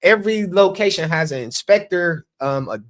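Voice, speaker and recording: A man with a Chicago accent, a candidate telling an election-day story on a podcast, animated and acting out the dialogue. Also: sits high, normal speed. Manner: animated, acts out quoted dialogue. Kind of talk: casual storytelling chat.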